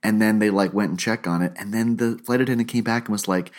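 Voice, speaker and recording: Animated storytelling man, slightly low voice. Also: fast. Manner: animated storyteller, acts out quotes in raised voice. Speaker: podcast co-host. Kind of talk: casual chat.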